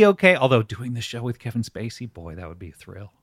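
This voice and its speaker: A man's voice: medium pitch, very animated, quick pace, hardly any pauses, dry recording, studio quality. A man hosting a comedy podcast, chatting casually with a jokey, laughing delivery. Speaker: podcast host.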